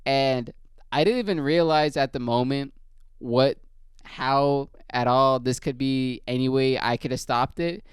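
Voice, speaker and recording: Crisp-voiced man telling a profane story. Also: measured pace, no echo, clean studio sound. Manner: profane, rambling, low-key. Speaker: podcast host. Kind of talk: casual storytelling rant.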